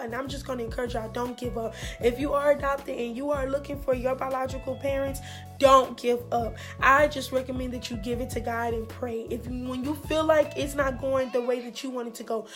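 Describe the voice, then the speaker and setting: A young woman telling a heartfelt storytime vlog in an earnest, encouraging way, repeating phrases for emphasis. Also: a little high. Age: young adult. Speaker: vlogger.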